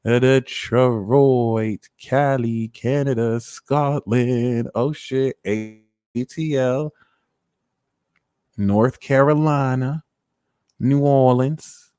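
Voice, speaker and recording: A man hosting a live tarot reading stream, chatting casually and giving shout-outs to viewers. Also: mid-range voice, steady tone, very slow, clean tone, dry recording, studio quality. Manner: shouting out viewers' locations, loose and slangy. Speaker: tarot reader hosting a livestream.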